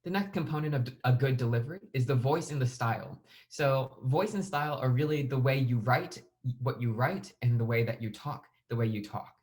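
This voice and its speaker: A young man giving a plain, even lesson on speech delivery as a debate instructor. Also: medium pitch, a little fast. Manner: plain, even delivery with occasional fillers and restarts. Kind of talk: explanatory lesson.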